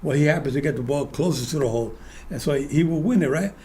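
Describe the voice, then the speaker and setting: A man's voice: fairly high pitch, fast talker, warm tone, a little hiss or hum. An older man hosting a talk show, chatting casually with his guest and telling long anecdotes, often repeating his words as he goes. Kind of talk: casual interview chat with anecdotes.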